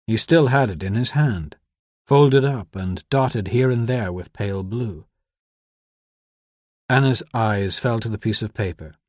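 Slow-reading male audiobook narrator. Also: lowish voice, a little mellow, dry recording, clean studio sound. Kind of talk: scripted narration.

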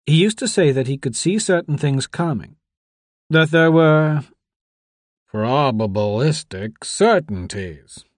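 Male reader doing a grieving young woman, higher and softer, emotional, dry close read. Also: lively intonation, slow, dry recording.

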